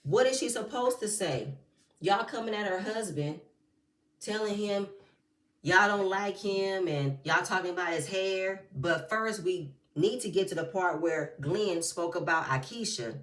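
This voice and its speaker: A woman's voice: medium pitch, unhurried, fairly bright tone, echoey room, distant mic. A woman giving blunt, profane, heated commentary as she recaps a reality TV reunion. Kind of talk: casual commentary.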